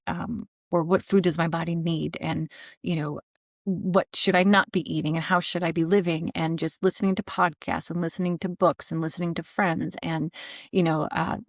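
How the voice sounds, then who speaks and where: A woman's voice: fairly low pitch, no echo, studio quality. A woman guest on a podcast, telling a personal story candidly, with a joking streak and many "you know" fillers.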